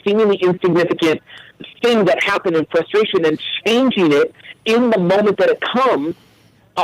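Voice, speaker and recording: A man in his thirties, a guest on a radio talk show, telling lively everyday stories as examples. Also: a little high, no room sound, rough recording. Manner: energetic storyteller, acts out little scenes. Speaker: guest author.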